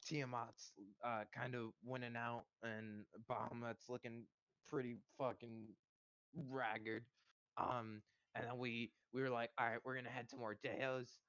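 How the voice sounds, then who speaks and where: A man's voice: medium pitch, little pitch movement, measured pace, fairly bright tone, clean tone, dry recording. A man rambling through a recap of a tabletop game, swearing freely and hopping between thoughts. His voice sounds a little strained. The recording is dry and a bit dull. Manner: rambling, profane, with many fillers. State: strained voice after a long session. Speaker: player recapping the last session.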